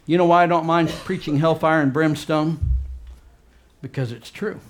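Pastor guy preaching hard, voice sits kinda high, gets loud then drops real quiet. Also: fairly even intonation, normal speed. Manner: fervent, swings between loud urgent emphasis and quiet low asides. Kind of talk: sermon.

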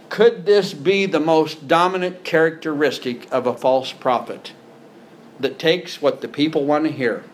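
Male pastor, sermon delivery, slightly high voice, faint noise under the recording. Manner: conversational preaching, rising to emphatic.

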